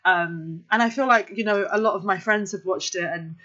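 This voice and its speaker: Female guest from London; warm, hesitant, thoughtful; bright, lo-fi. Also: mid-range voice, normal speed. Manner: warm, hesitant, with many ums. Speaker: guest, DJ and actor. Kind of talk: casual interview.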